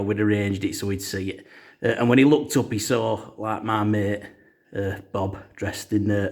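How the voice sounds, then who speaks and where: A man telling a comic story in a casual, rambling way, full of "uh" fillers. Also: fairly low pitch. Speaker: storyteller host.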